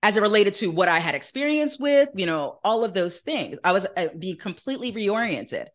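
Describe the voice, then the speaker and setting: A woman guest on an interview podcast, telling a personal faith story in an earnest, animated way and acting out the voices she quotes. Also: mid-range voice, a little fast. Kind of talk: conversational testimony in an interview.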